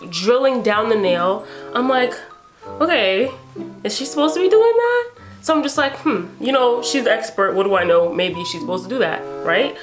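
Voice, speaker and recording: Chatty young woman telling a storytime. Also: fairly high pitch. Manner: animated, repeats herself, acts out her own reactions. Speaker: beauty vlogger. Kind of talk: casual storytime.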